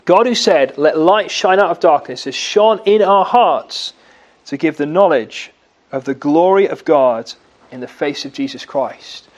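High-voiced preacher with dramatic swings. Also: male voice, lively intonation, a little slow, highs cut off. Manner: earnest, with dramatic swings in pitch and volume. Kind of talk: sermon.

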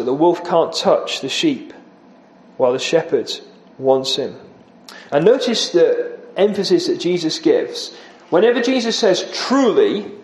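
A man's voice: a little high, a little mellow, roomy sound, rough recording. A man preaching an earnest expository sermon, often dropping his voice for emphasis.

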